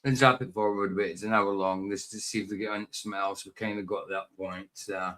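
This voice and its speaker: Man, podcast host, bright tone, relaxed, casual chat. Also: on the low side. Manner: laid-back, quick to laugh.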